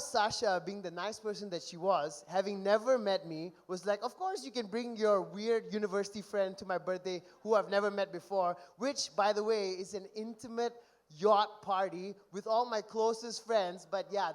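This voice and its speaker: A young man giving a best man speech at a wedding reception, telling stories and reading texts aloud in an animated way. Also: high-pitched, normal speed. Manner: animated storytelling, mock-reads texts aloud.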